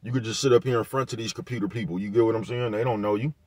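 Speaking very fast in a steady tone, this male vlogger delivers loose, repetitive commentary straight to camera, full of slang and swearing throughout. His lowish voice has a slightly mellow quality and a relaxed manner. It's captured close and dry, with no room sound.

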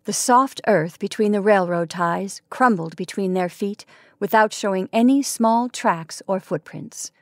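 A woman narrating a story aloud at a measured pace, her mid-pitched voice dry and close. She reads with expression but stays even. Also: no echo.

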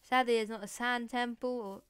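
A woman's voice: on the high side, fairly even intonation, moderate pace, clear, resonant tone, dry recording. A woman giving casual Minecraft gameplay commentary, chatting to the mobs and villagers and swearing playfully as she goes. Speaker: Minecraft let's player.

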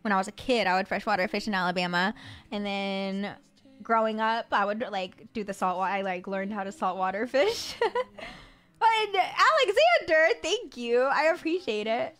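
A woman's voice: mid-range voice, animated, normal speed, fairly bright tone. A young woman from the Florida Panhandle chatting casually with her live-stream viewers, rambling with lots of fillers and stumbling over her words. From Florida Panhandle, USA. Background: faint music.

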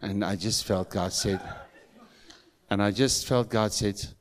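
A man's voice: lowish voice, fairly even intonation, slow, pauses often. A middle-aged man with a South African accent, preaching a sermon in a church and telling stories with emphatic, rising calls. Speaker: pastor.

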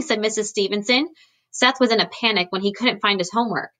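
Woman teacher, bright clear voice, storybook read-aloud, webcam recording. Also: medium pitch, a little fast. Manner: gentle classroom explaining before reading. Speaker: teacher reading aloud to her class. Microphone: computer webcam.

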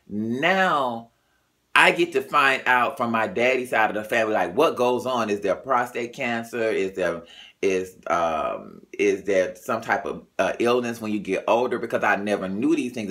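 A man from Tennessee talks straight to his camera in the early morning. He is tired but chatty and blunt, with a mid-range voice, and he swears freely as he tells his story. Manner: animated, chatty, blunt and profane, jumps pitch when quoting others. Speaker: vlogger.

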